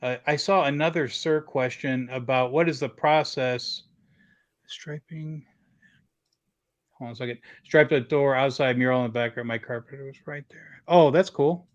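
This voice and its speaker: A man's voice: medium pitch, moderate pace, muffled recording. A man hosting a casual livestream, reading viewer comments and telling rambling shop stories. He acts out quoted lines and often trails off while searching for words. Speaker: livestream host.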